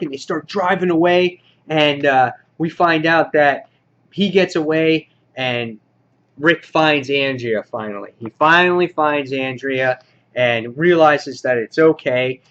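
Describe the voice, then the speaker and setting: A man giving a casual comic book review, rambling with many filler words and getting excited as he goes. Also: mid-range voice, muffled recording.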